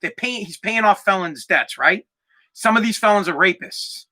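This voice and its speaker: A man hosting a podcast, delivering a heated, profane rant that sometimes rises to shouting. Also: high-pitched, lively intonation, moderate pace. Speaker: podcast host. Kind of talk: ranting podcast monologue.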